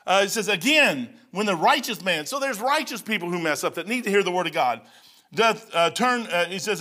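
Male preacher, middle-aged, from kentucky, folksy and chatty, high bright voice. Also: animated, brisk. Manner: folksy, conversational, says "man" often. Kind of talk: informal sermon.

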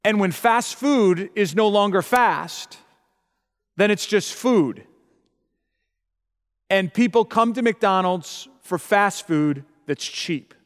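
A man's voice: high-pitched, slow pace, pauses often. A middle-aged man preaching as a pastor, who often checks in with his listeners and repeats his points. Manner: repeats himself, asks the audience "okay?". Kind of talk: sermon. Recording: long hall reverb.

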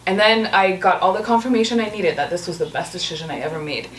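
A woman telling a dating story in casual chat, animated, acting out the messages she got. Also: lowish voice, fast talker, echoey room, far from the mic, slight background noise, poor audio. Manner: animated storyteller, acts out quoted texts.

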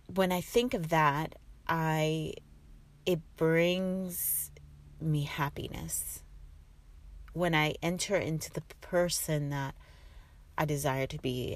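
A middle-aged woman talking in a soft, rambling, reflective way, with many fillers. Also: low-pitched, dry recording. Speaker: vlogger. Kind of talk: reflective casual monologue.

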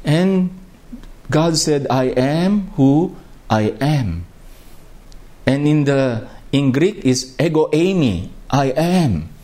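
A man's voice: a little high, lively intonation, dark tone. A man with a Filipino accent preaching a sermon, reflective and emphatic on key phrases. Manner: slow, reflective, with rising emphasis on key words.

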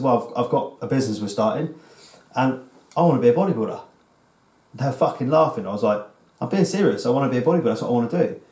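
Sweary English bloke telling a story. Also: male voice, mid-range voice, a little mellow, roomy sound. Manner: swearing, rambling storyteller with restarts. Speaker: podcast co-host. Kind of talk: casual podcast chat.

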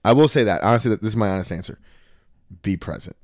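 A man in his thirties talks bluntly on a podcast, voice pitched on the low side. He tells his stories with animation and slips into other people's voices. The sound is dry and close. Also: fast talker, darkish tone, no echo. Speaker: podcast host. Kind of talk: casual podcast chat.

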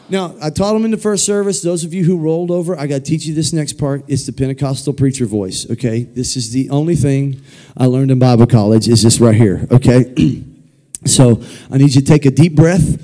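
A man's voice: on the high side, animated, brisk, warm tone. A man preaching a playful, jokey children's sermon in a church, leading the crowd in call-and-response. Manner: playful, jokey, leads the crowd in repeat-after-me calls. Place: church sanctuary.

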